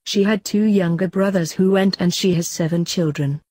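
A woman's voice: on the low side, moderate pace, dark tone, no echo, lightly acted. A woman voicing a matter-of-fact, protective mother figure.

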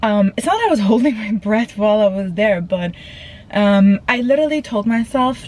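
A woman's voice: medium pitch, normal speed, darkish tone, poor audio. A woman vlogging casually from inside her car, chatty and rambling with lots of fillers, a bit out of breath, recorded on a phone. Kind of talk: casual vlog chat.

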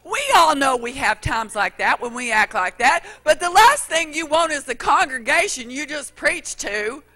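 A woman preaching to a congregation, her voice bright and ringing, set a little high. She tells stories in an animated way and throws questions out to the room. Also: normal speed. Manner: animated storytelling, addresses congregation. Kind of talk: sermon with personal story.

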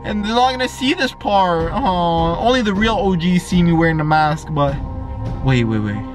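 A young man vlogging in an excited, slangy way, often repeating himself. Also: high voice, normal speed, over music. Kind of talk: excited casual vlog.

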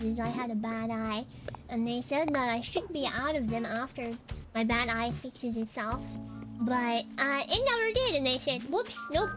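High-pitched chatty woman streamer. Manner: chatty storytelling, giggles often. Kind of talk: casual chat while gaming.

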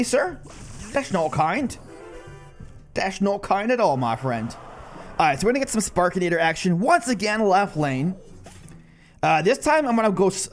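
A man in his thirties giving goofy, self-mocking live commentary over a mobile game, often dropping into silly low voices. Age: 30s. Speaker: gaming YouTuber.

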